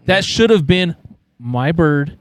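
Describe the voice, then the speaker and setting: A man's voice: on the high side, expressive, takes it slowly, dry recording. A man telling a rambling hunting story on a casual podcast, defending his side of it. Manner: rambling, self-justifying. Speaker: podcast guest.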